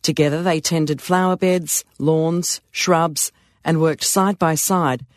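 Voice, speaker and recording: A man narrating a story in a calm, measured way. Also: fairly high pitch, dry recording, clean studio sound.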